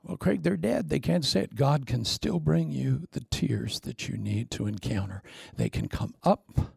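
A male preacher with a gravelly, husky voice pitched a little high, his delivery swinging all over the place. He tells stories with dramatic drops into hushed whispers and bursts up into shouts. The sound is close and dry. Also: animated, measured pace, no echo. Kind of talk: sermon.

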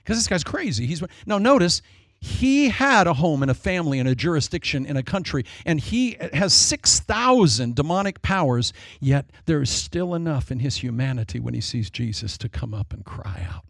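A man preaching a sermon, dramatic and storytelling, acting out voices in quick asides. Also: a little high, sing-song, creaky, a bit bright, no room sound, clean studio sound. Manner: dramatic, acts out demons and people in quick asides.

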